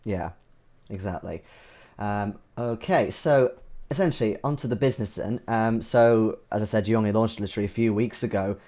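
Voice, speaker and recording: A man hosting a relaxed convention interview, chatty and friendly with frequent ums. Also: on the low side, moderate pace.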